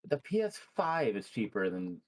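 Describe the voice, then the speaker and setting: A man's voice: fairly low pitch, very animated, moderate pace. A man reacting on a live stream, blunt and outraged, swearing freely.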